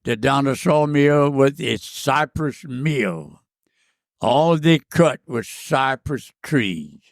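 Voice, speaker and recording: A man's voice: mid-range voice, expressive, slow, gravelly, no room sound, clean studio sound. A man, telling old stories as a podcast guest, rambling and repeating words as he goes. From South Louisiana. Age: 90s. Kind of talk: casual storytelling interview.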